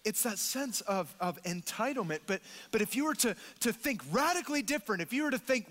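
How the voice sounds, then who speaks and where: A man's voice: sits high, sing-song, normal speed, few pauses, pushed and bright, long reverb tail. A man preaching a sermon in a church, emphatic, repeating words and acting out quotes. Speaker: pastor.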